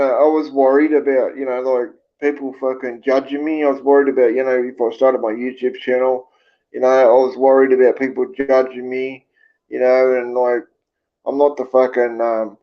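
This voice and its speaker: A man's voice: mid-range voice, little pitch movement, moderate pace, lo-fi sound. A man with an Australian accent hosting a casual livestream, rambling with lots of fillers and swearing freely as he reads viewer comments. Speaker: livestream host.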